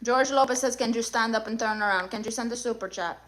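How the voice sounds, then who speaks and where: Sassy high-voiced woman with Spanish-accented English. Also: fast, a bit bright. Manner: sassy, mock-demanding, greets viewers by name. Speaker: livestream comedian. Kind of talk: livestream chat reading.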